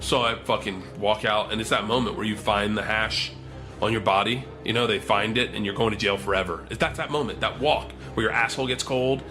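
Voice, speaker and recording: A man's voice: on the low side, brisk, over music. A man telling a wild story in casual chat, swearing often and acting out the voices of the people in it. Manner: animated, swears a lot, acts out quotes. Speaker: storyteller guest. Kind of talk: profane comic storytelling.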